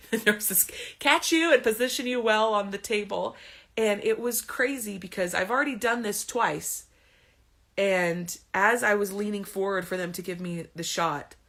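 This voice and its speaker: A woman's voice: medium pitch, a bit bright. A woman in her thirties candidly telling a personal story to camera, chatty and emotional, laughing between sentences. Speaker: vlogger.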